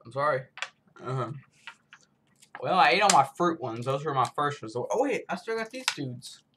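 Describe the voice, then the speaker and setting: A man from the United States with a voice on the high side rambles through a casual snack taste-test vlog, full of self-mocking asides. He talks at normal speed with lively intonation, and there's background noise.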